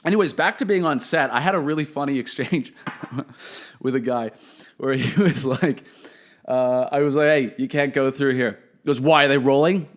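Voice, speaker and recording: A young comedian host with a medium-pitched voice tells a casual story, animated and swearing. He jumps into quick voices for the people he quotes.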